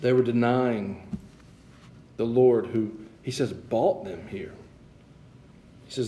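Preaching slowly and pausing often, this pastor in his thirties speaks in a warm, mid-range voice with a steady tone. He is chatty, tosses in joking asides, and builds toward emphatic moments, with the church room echoing around him.

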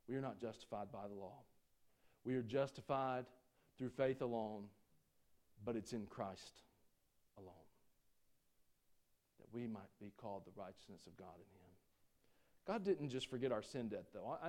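A man preaching a sermon, folksy and joking with the congregation, swinging between loud preaching and quiet asides. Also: mid-range voice. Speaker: pastor.

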